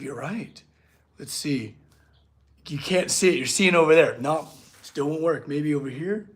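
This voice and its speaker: His high-pitched voice has a somewhat bright tone. He's a California blacksmith livestreaming from his workshop, loosely chatting with viewers and fussing over his dogs.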